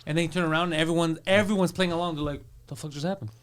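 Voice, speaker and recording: Man, podcast co-host, brash, profane, fast talker, slightly high voice. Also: fairly even intonation. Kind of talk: casual chat.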